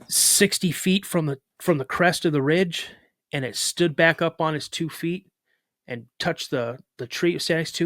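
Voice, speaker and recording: A man who is a podcast guest, telling a story casually with lively retelling, filler words and restarts. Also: medium pitch, no echo, studio quality.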